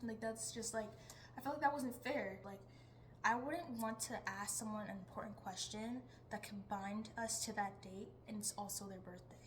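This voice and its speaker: A woman's voice: fairly high pitch, normal speed, a little hiss or hum. A young woman in her teens talking casually in a rambling vlog, chatty and jumping between topics. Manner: chatty, jumps between topics, laughs often. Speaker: vlogger.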